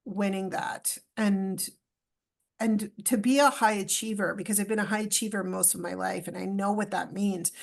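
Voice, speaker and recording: Female guest, middle-aged, gravelly texture, animated storyteller. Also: mid-range voice, moderate pace. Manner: animated storyteller, acts out dialogue. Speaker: podcast guest. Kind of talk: storytelling in a podcast interview.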